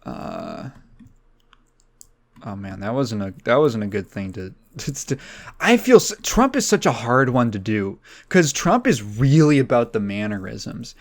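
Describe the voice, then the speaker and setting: A tired man rambling casually as he hosts his solo podcast, with many restarts. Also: mid-range voice. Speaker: podcast host.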